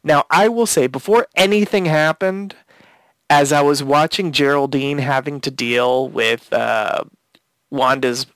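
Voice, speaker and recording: A man's voice: fairly high pitch, unhurried, a bit bright, dry recording. A man co-hosting a casual podcast, recapping a TV episode scene by scene and retelling the dialogue with quotes. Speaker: podcast co-host.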